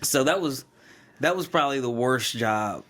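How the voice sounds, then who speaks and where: A man's voice: mid-range voice, moderate pace. A young man on a casual podcast, telling long stories with a laugh and acting out the people in them. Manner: animated storyteller who acts out quoted people, laughs often. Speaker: podcast co-host. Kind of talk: casual chat, storytelling.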